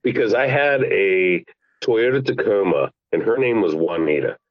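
A middle-aged man chatting as a podcast guest over the phone, telling family stories in an animated, laughing way. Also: lowish voice, normal speed, no echo. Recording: dull lo-fi phone line.

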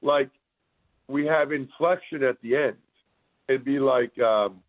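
A man, a guest football analyst from near Philadelphia, chatting casually by phone in an easygoing way with a hoarse voice. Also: medium pitch, slow. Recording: phone line.

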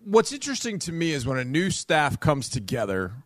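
A man co-hosting a sports radio show, telling stories in an animated way and acting out what people said. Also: fairly high pitch, a little fast, no echo. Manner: animated storyteller who acts out quotes. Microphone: studio microphone.

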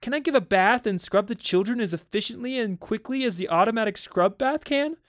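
A man reading aloud and voicing a tense, frightened housewife who speaks high and strained, near tears. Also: expressive, moderate pace, no room sound, studio quality. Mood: distraught. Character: anxious, tense housewife, adult woman.

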